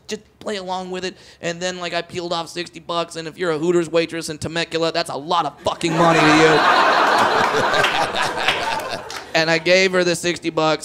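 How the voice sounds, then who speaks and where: A man doing stand-up comedy, telling a long story in an animated way, acting out quotes and tripping over restarts. The recording is noisy. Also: high-pitched.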